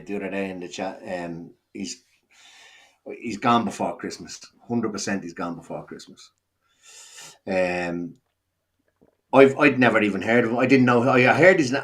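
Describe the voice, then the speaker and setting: A man's voice: on the low side, normal speed, a bit bright. A man with an Irish accent co-hosting a casual football chat, easygoing and chipping in short remarks. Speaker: podcast co-host.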